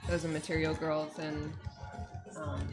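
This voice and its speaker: A woman's voice: deep voice, monotone, a little slow, echoey room, music in the background. A woman musician chatting casually, rambling and laughing as she talks. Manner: rambling, laughs often, trails off. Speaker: musician guest. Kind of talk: casual chat on a livestream.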